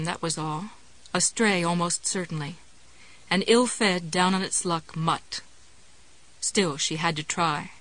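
A woman reading a suspense novel aloud as audiobook narration in a steady, measured way. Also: on the low side, low-quality recording. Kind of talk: scripted narration.

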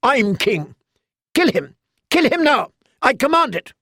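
Man playing a bratty boy king, shrill and bossy, a bit gravelly underneath. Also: very animated, measured pace, bright, forceful tone, dry recording, studio quality, heavily acted. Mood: furious. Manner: shrill and commanding. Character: cruel spoiled boy king, petulant.

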